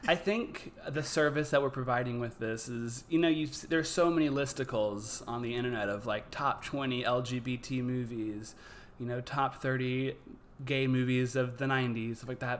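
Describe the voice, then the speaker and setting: A young man co-hosts a relaxed comedy podcast, cracking jokes and laughing as he rambles. His voice sits at an ordinary middle pitch. A faint hum of ambient noise runs underneath. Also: normal speed. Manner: jokey, laughs often, rambling asides. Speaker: podcast co-host. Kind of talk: casual comedic chat.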